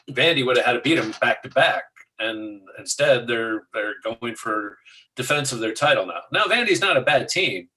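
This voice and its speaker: A man's voice: on the low side, bright, forceful tone, low-quality recording. A man co-hosting a markets talk show, chatting casually and walking through charts in a matter-of-fact way.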